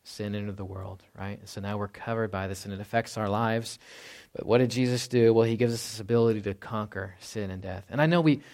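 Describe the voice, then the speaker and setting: A pastor with a lowish voice gives a brisk, casual, conversational sermon. He chuckles often, finishes many points with "right?", and drops to a hushed voice when quoting.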